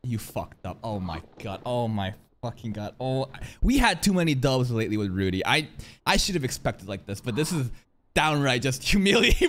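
An anime reaction host giving casual, excitable commentary, swearing a lot and laughing often. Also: mid-range voice, moderate pace.

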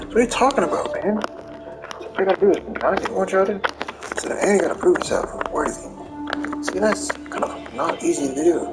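A woman talks casually over her gameplay, cursing freely and laughing often. She retells the trash talk as a quoted back-and-forth, and her pitch leaps around. Game music plays clearly beneath her. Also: lively intonation, normal speed, long pauses. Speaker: gamer.

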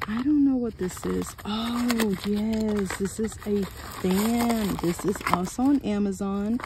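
A woman chatting through an unboxing haul at home, excitable and chatty, gasping and exclaiming over each item. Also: mid-range voice, slow pace, few pauses, noisy background. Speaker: haul vlogger. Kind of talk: casual unboxing chat. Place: home room.

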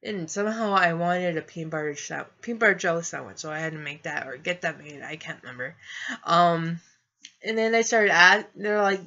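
Woman vlogger, casual storytelling, bright tense voice, lowish pitch, laughs along. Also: lively intonation, normal speed, lo-fi sound. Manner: rambling, laughs through her own story. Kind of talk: casual personal storytelling to camera.

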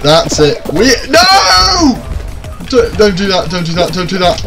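A man commentating his own gameplay, often frustrated, swearing and shouting at the game. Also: high voice, huge pitch swings, a little slow, vocal fry, over music. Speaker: gaming YouTuber. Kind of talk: let's play commentary.

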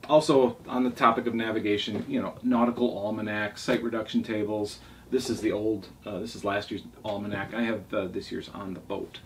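A man's voice: fairly low pitch, steady tone, brisk. A man who sails, showing off his favorite books in a casual, rambling way, talking eagerly and often restarting his sentences. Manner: enthusiastic, rambling, with restarts and asides. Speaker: sailing vlogger showing his library. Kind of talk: casual show-and-tell. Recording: distant mic, faint background noise.

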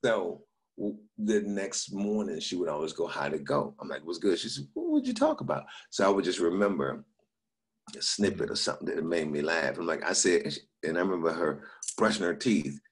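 A middle-aged male comedian with a low voice tells stories briskly as a guest, keeping it casual. He laughs while sharing anecdotes and acts out the people he quotes in their own voices.

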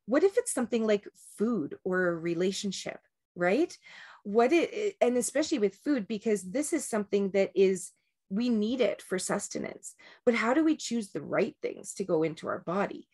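A woman's voice: medium pitch, big pitch swings, normal speed, darkish tone, breathy edge. A woman giving a casual, rambling talk on breaking habits before a group meditation, often restarting and checking in with "right?".

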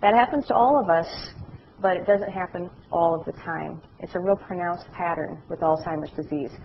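A middle-aged woman lecturing a class, with a lowish voice that jumps up when she acts out her stories. The recording sounds dull, with a faint hum of the room behind her. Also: normal speed, creaky. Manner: animated storytelling, acts out voices. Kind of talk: lively class lecture with anecdotes.

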